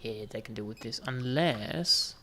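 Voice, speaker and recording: Gravelly man chatting through gameplay. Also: mid-range voice, a little slow, bright, forceful tone, slight background noise. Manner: chatty, jokey banter with game customers. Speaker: gaming video host. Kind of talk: casual gameplay commentary.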